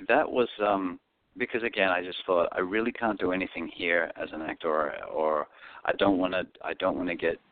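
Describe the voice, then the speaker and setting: A man's voice: sits low, moderate pace, no echo. A man with an Australian accent, a comedian telling stories as an interview guest and acting out the voices in them. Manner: animated, acts out voices in his anecdotes. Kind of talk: storytelling interview. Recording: phone-like, dry line.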